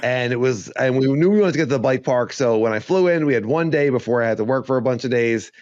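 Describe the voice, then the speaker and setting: A man's voice: mid-range voice, fast, darkish tone, no room sound. Man rambling and joking in a dry, dull recording. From Arizona. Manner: rambling, joking, laughs often. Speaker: podcast co-host. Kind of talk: casual chat.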